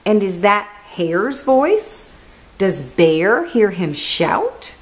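A woman reading a children's picture book aloud, slow and expressive, dropping to a hush on key words. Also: medium pitch, low-quality recording.

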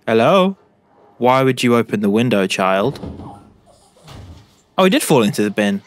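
A lowish, expressive male voice at normal speed belongs to a young British gaming YouTuber. He plays a game while joking and speaking to the characters on screen.

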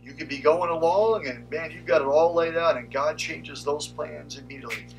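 A man's voice: on the high side, normal speed, gravelly, distant mic, faint music behind, rough recording. A man preaching a conversational sermon to his congregation as pastor.

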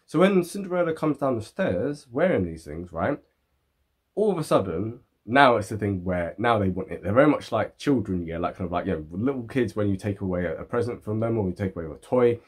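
A man's voice: lowish voice, animated, brisk, breathy edge. A man reviewing a film in a casual, rambling way, often checking in with "right?" and "like". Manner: rambling, filler-heavy, seeks agreement.

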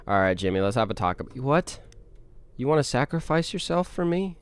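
A man's voice: mid-range voice, very animated, brisk, smooth. A young man livestreaming a game, chatting casually, reading chat aloud and playing up dramatic moments for fun. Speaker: streamer and animator.

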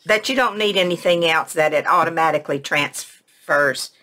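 A woman, a craft vlogger, casually telling a personal story in a soft, emotional way and retelling conversations word for word. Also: low voice, moderate pace. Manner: rambling, retells conversations in quotes.

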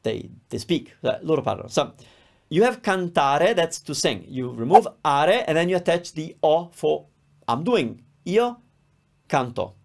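A man teaching a beginner language lesson, explaining patiently and drilling words aloud with clear stress. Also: on the high side, sing-song, normal speed. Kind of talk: recorded online lesson.

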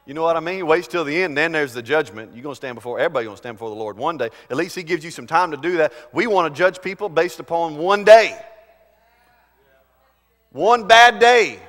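A male pastor delivering a sermon, swinging between loud, emphatic preaching and quiet, conversational storytelling. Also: a little high, fast talker, few pauses, big-room sound.

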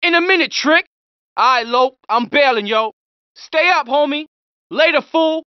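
Cocky street criminal, high lively delivery, dry dull game sound. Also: male voice, a little slow, no room sound. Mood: casual greeting. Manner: slangy trash talk, threatening. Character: young male street criminal, brash and hostile. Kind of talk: game pedestrian voice lines.

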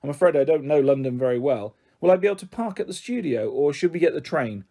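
A man voicing a cheerful, pushy mother who talks warmly and coaxingly in a storybook reading. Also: fairly high pitch, lively intonation, quick pace.

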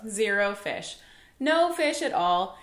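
A woman's voice: mid-range voice, sing-song, takes it slowly. A young woman teaching a Sunday school lesson at home, telling the story with playful voices. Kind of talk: children's Bible lesson. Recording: echoey room.

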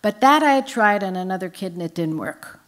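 A woman's voice: mid-range voice, animated, a little fast, a bit bright. An older woman, an author, telling humorous anecdotes on stage at a live event. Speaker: author guest at a book festival. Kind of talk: storytelling on stage.

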